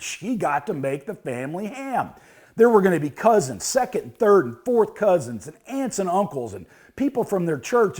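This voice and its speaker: A man in his fifties hosts a cooking show, spinning a folksy story for a cooking tip. His voice sits high and swings widely in pitch as he talks. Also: darkish tone. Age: 50s.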